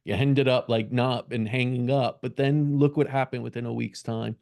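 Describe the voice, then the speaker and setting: A man hosting an interview, asking questions and reflecting in a measured, deliberate way. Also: medium pitch, steady tone, gravelly, a little mellow. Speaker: host.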